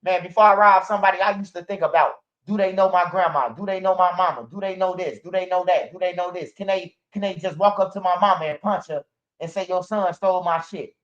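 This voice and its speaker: A man with a high voice hosts a street news channel. He talks in blunt, profane street storytelling. The recording sounds dull and lo-fi. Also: quick pace, a bit bright. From Chicago. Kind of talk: casual commentary.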